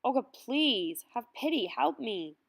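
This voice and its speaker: A woman's voice: on the high side, big pitch swings, slow, vocal fry, voice pushed up, full character voice. A woman reading aloud, voicing a desperate mother who pleads tearfully for her children in a storybook reading. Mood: pleading. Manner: pleading, tearful, rising to outcry.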